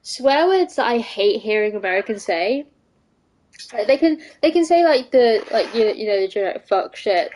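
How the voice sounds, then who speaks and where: A woman's voice: on the high side, expressive, normal speed, darkish tone, a little hiss or hum, poor audio. A young woman streaming, chatting casually and rambling, with frequent restarts and casual swearing. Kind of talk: casual live-stream chat.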